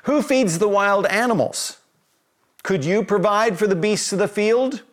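Man doing a ranting deity, taunting questions, boastful, slightly raised pitch, sermon retelling. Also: unhurried. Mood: challenging, boastful. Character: mighty deity, boastful and challenging.

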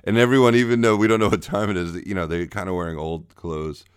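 A man's voice: deep voice, little pitch movement, fast, clean tone. A man co-hosting a podcast over a video call, rambling and teasing in casual chat. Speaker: podcast co-host.

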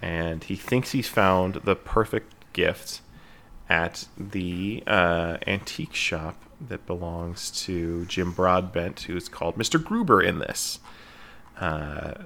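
A man hosting a casual podcast and recapping a movie in a relaxed way, with fillers and laughs, on a remote call. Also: deep voice, creaky, slight background noise. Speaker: podcast host.

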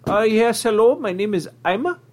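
A man's voice: on the high side, big pitch swings, moderate pace, creaky, darkish tone. A man voicing his middle-aged father, who fakes a foreign accent in a stiff, overly polite way. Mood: mock-polite.

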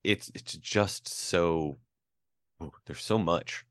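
In a studio-quality recording with no room sound, a podcast co-host speaks slowly in a low voice. He's casually discussing a film, with lots of fillers and restarts.

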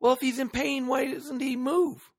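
A man's voice: very high voice, little pitch movement, normal speed, pitched above the performer's own voice. A man voicing a curious young grandson in a story he tells, asking in a raised, wondering voice.

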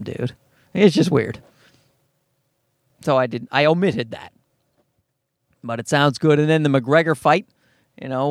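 A man's voice: medium pitch, dry recording, studio quality. A man, hosting a solo comedy podcast, ranting and swearing sarcastically. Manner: profane, ranting, sarcastic, animated. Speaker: podcast host. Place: parked car.

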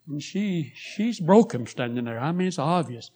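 A male preacher delivers a storytelling sermon in a somewhat high voice. He leans hard into key lines and lets verses stretch out slow and loud. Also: lively intonation. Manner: emphatic, swelling louder on key phrases and stretching scripture slowly.

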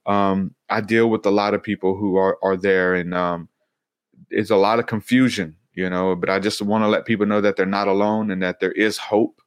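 A man speaking as an interview guest, earnest and halting, often repeating words as he tells his story. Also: lowish voice, little pitch movement, smooth, no echo, studio quality. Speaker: interview guest, Christian minister. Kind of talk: casual interview conversation.

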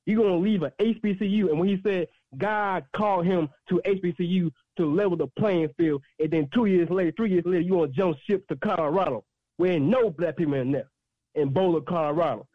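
A man's voice: high voice, a little fast, dry recording, narrow, tinny audio. A man, an activist guest giving impassioned call-in commentary with fiery, repetitive, preacher-like emphasis.

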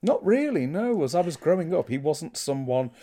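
A man's voice: on the high side, sing-song, normal speed, dark tone. A man co-hosting a casual chat with dry, mock-grumpy humour. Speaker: podcast co-host.

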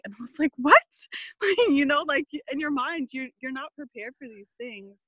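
This woman's voice sits high and keeps a moderate pace, recorded in low quality with no room sound. In her thirties and a guest on a podcast, she tells family stories casually, with lots of fillers and lively quoting.

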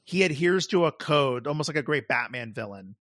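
A man's voice: a little high, expressive, a little fast, a bit bright, no room sound, studio quality. A male podcast co-host talking casually and rambling, full of "like" and restarts. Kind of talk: casual chat.

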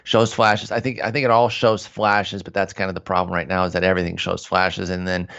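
A man's voice: deep voice, flat delivery, a little fast, vocal fry, a bit bright, muffled recording. A man hosting a casual baseball podcast, talking through stats in a conversational way with frequent fillers. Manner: analytical, conversational, many fillers. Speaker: podcast host.

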